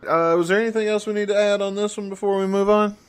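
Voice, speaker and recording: A man's voice: sits high, steady tone, fast talker, clean tone. A man from the southern United States co-hosting a podcast, chatting loosely, laughing often and tripping over repeated words. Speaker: podcast co-host. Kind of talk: casual chat.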